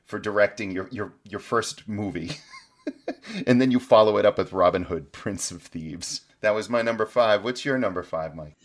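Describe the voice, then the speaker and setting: A man's voice: fairly low pitch, moderate pace. A man co-hosting a podcast who gives sarcastic, joking movie commentary and chuckles at his own jokes. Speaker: podcast co-host. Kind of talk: casual movie-review chat.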